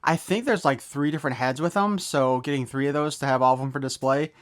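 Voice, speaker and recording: A man's voice: medium pitch, fast talker. A man giving a casual, rambling toy unboxing review, joking around and swearing offhandedly.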